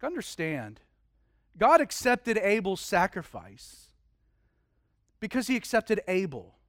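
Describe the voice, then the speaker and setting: A man's voice: sits high, big pitch swings, takes it slowly, no room sound, studio quality. A man preaching a sermon, telling a story vividly and dramatically with frequent restarts.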